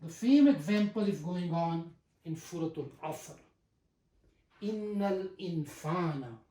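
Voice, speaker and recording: A teacher giving a grammar lesson, talking deliberately, repeating key terms and reciting verses slowly. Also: mid-range voice, expressive, mellow, slight background noise. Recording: roomy echo.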